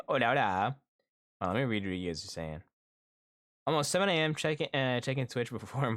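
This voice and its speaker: A middle-aged man streaming live, telling a story about his workday to his chat in a lively, animated way and acting out the people in it. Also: lowish voice. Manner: animated storytelling, acts out quoted coworkers. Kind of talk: casual chat with viewers.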